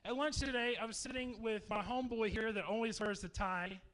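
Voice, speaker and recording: A man in his thirties from Texas, speaking to campers in a dark meeting hall, telling jokes and stories in a chatty way. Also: high-pitched, fairly even intonation, a little fast. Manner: joking, chatty storyteller. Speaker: youth camp speaker. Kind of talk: humorous youth talk to campers.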